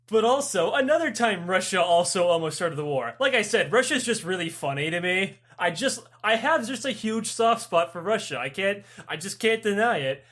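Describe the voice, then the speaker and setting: Young male podcast co-host, high voice, swears freely, acts out every character in his stories. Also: normal speed, hardly any pauses. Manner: profane, animated storytelling with voiced characters. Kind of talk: casual chat.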